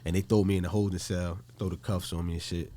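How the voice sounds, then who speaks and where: A man's voice: low voice, little pitch movement, fast talker, warm tone. A man from Newark, New Jersey, a podcast guest telling a story in casual, blunt, profane talk and acting out the voices he quotes.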